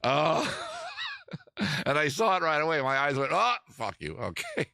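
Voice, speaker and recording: A man's voice: a little high, lively intonation, unhurried, bright, forceful tone, no echo, clean studio sound. A man from Maryland hosting a casual live stream, rambling and joking as he answers viewer chat and corrects himself mid-sentence. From Maryland, USA. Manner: rambling, self-correcting, jokey. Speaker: host.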